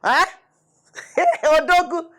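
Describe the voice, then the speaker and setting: A woman's voice: very high-pitched, slow, heavily acted. An actress with a Nigerian accent playing a domineering, boastful mother-in-law in a film drama, faint music underneath. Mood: scornful. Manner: boastful, mocking, loud. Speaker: actor.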